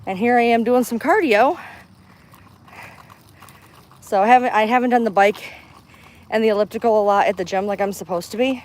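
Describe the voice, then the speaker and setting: A woman's voice: a little high, normal speed, pauses often. Breathless woman chatting on a live walk. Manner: chatty, chirpy with strangers. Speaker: vlogger streaming live. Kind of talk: casual live walk-and-talk. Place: outdoors in a park, walking. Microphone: handheld phone.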